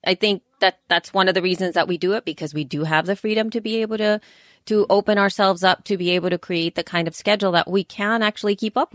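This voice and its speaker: A woman's voice: medium pitch, fairly bright tone, no echo, studio quality. A woman co-hosting a podcast in casual chat, talking at length with frequent restarts. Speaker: podcast co-host.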